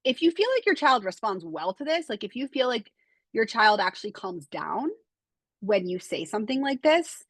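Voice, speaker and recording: A young woman, an occupational therapist, giving a relaxed online talk to parents, full of fillers like "like" and "kind of". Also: medium pitch, normal speed, no room sound. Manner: conversational, many fillers like "like" and "kind of".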